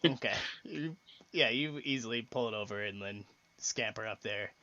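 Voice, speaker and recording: Male game master, casual and halting, lo-fi recording. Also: on the low side, sharp tone. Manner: halting, full of fillers and restarts. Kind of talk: narrating a tabletop game.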